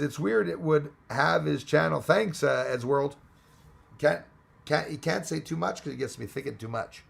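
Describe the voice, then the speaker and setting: Man, live-stream host, casual chat, rambling, excitable, gravelly voice, mid pitch. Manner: rambling, excitable, thinks aloud while reading.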